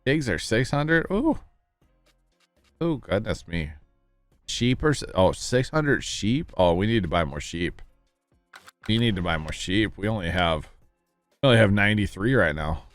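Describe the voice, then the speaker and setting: Chatty low-voiced man streaming a farm game. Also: big pitch swings, a little slow, long pauses, no room sound, soft background music. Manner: chatty, rambling, folksy storytelling. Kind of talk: casual livestream chat while playing.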